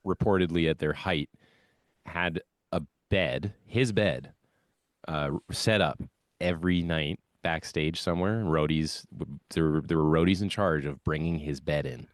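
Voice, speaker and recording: A man's voice: rumbling low, unhurried, no echo, clean studio sound. A man, a band musician, chatting as a podcast guest and telling rambling stories in a self-conscious way. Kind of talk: casual interview chat.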